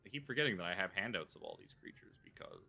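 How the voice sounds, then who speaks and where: A man's voice: sits low, animated, racing, bright, forceful tone, faint music behind. A man narrating as game master, rambling loosely with frequent ums and chuckles.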